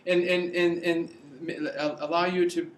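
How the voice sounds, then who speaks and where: Animated man preaching in an echoey hall. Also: on the high side, slow pace. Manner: animated, repeats himself, acts out quotes. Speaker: spiritual speaker. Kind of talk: motivational talk to a live audience. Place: meeting hall with a live audience. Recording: echoey room, mic at a distance.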